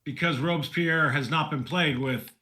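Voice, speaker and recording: A man in a casual co-op board game playthrough, talking in halting restarts and playing along with jokes. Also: a little high, bright, forceful tone.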